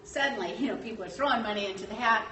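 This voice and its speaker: A woman telling a history story in a lively way, acting out the quotes and using lots of fillers. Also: mid-range voice, very fast. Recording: echoey room, distant mic, faint noise.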